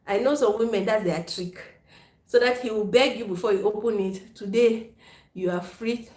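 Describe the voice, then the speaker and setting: A woman with a medium-pitched, slightly mellow voice hosts a live chat stream at normal speed, chatting casually with viewers. Her echoey room carries plenty of laughter as she stays frank and playful, weaving Pidgin into English.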